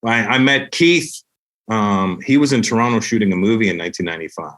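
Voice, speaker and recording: A middle-aged man, a comedian guest, casually telling animated stories and laughing as he goes. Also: lowish voice, brisk. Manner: animated, acts out other people's voices with laughs. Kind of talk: casual storytelling anecdotes.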